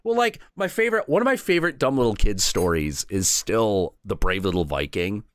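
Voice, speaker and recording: Brief: male stream host, low, expressive voice, dry recording. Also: fairly quick, dry recording. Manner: animated, profane, with frequent restarts. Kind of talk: casual storytelling chat on a stream.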